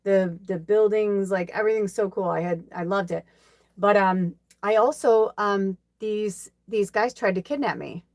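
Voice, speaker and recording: A woman's voice: medium pitch, unhurried, a little mellow, no room sound, studio quality. A middle-aged woman from Chicago hosting a live card reading, talking in a rambling, chatty way with many fillers and laughs. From South Side Chicago, USA. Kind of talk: casual live-stream chat.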